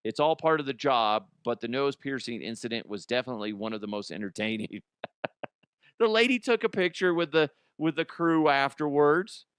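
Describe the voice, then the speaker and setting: A man's voice: mid-range voice, animated, normal speed, a bit bright, clean tone, no echo, studio quality. A middle-aged man hosting a comedic news show, rambling, laughing often and making crude jokes. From Colorado, US. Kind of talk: casual comedic news commentary. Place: studio.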